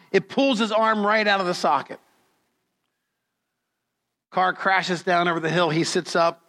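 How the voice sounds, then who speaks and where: A middle-aged male pastor delivers a sermon in a fairly high, bright voice, preaching slowly and deliberately and telling his stories dramatically. A long hall reverb trails each phrase.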